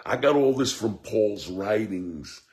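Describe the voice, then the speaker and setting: A man preaching an impassioned sermon, swinging between shouts and hushed tones and repeating a refrain. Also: on the low side, lively intonation, takes it slowly. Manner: repeats a refrain, addresses listeners by name.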